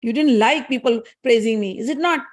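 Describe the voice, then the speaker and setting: A woman's voice: on the high side, a little fast, natural voice. A woman voicing a reproachful goddess wife. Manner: reproachful, accusing. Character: wise goddess of knowledge, angry wife.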